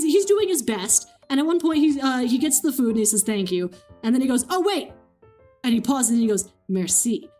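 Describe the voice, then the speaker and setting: A high-pitched young woman chats loosely with her stream audience, reading messages aloud and slipping into quoted voices as she tells a story. She laughs often between lines. Faint music plays in the background. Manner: chatty, reads chat aloud, laughs often, acts out quotes. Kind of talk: casual chat.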